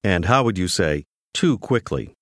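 A man reads language-course prompts in a clear, measured way. His voice sits low, but his pitch moves with real animation. The recording is close and dry, with no room sound. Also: expressive, dry recording. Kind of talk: scripted instructional narration.

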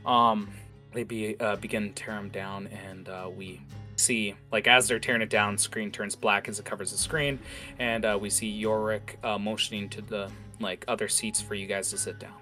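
A man's voice: lowish voice, level tone, normal speed, sharp tone, soft background music. A man narrating as game master in an improvised tabletop session, rambling with many fillers and restarts.

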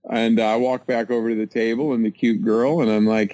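A man's voice: lowish voice, fairly even intonation, a little fast, hardly any pauses, warm tone, dry recording, low-quality recording. An American man telling a story in an interview, casual and self-mocking, with lots of fillers and restarts. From United States.

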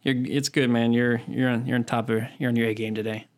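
A man's voice: mid-range voice, level tone. A man in his thirties co-hosting a casual chat show, often stopping and restarting his sentences. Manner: rambling, halting restarts. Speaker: podcast co-host.

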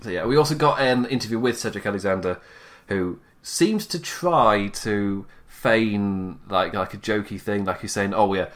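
A man's voice: on the low side, moderate pace. Chatty man recapping with frequent laughs. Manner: chatty, laughs often, acts out quotes in mock voices. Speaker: wrestling show reviewer. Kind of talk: casual recap commentary.

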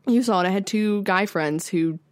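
A young woman in her twenties co-hosting a podcast in casual chat, talking freely with many "like"s and jumping up in pitch when she retells a story. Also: moderate pace, no room sound, clean studio sound. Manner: chatty, fills speech with "like", rises sharply when retelling. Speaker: podcast co-host.

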